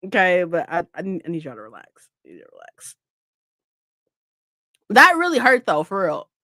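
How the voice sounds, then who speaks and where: Laughing, animated woman chatting with her stream. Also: fairly low pitch, normal speed, no room sound, clean studio sound. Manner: laughing often, animated and teasing. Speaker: livestream host reading with viewers. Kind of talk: casual chat with live chat viewers.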